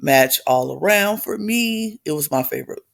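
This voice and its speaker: A man co-hosting a podcast in casual chat, relaxed and given to repeating himself. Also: high voice, moderate pace, creaky. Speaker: podcast co-host.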